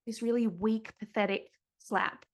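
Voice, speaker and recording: Chatty Australian woman with a gravelly edge. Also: fairly high pitch, fairly even intonation, unhurried. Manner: chatty, storytelling with quoted asides. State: pregnant. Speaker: podcast co-host. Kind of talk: casual chat.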